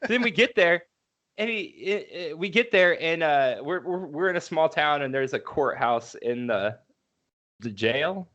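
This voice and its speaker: A man's voice: on the high side, lively intonation, unhurried, fairly bright tone. A man co-hosting a podcast in casual chat, telling rambling stories and laughing often. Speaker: podcast co-host. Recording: dull lo-fi sound.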